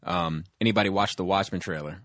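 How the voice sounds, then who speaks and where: A low-voiced man chatting loosely as a podcast host. He rambles through stories with plenty of fillers. The sound is close and dry, with no room echo. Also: fairly even intonation, fairly quick, fairly bright tone. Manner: rambling, acts out movie scenes with laughter. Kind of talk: casual chat.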